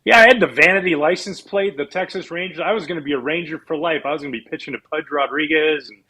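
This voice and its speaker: Ex-pro athlete guest, 40s, husky, animated storyteller. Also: male voice, on the high side, fast, low-quality recording. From Canada. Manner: animated storyteller, acts out quoted people. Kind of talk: casual storytelling interview.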